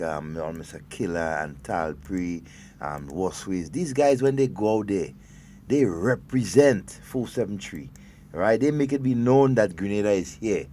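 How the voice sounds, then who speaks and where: A man's voice: fairly low pitch, dark tone, slight background noise. A man co-hosting a radio talk show in casual chat, mostly giving short agreeing replies.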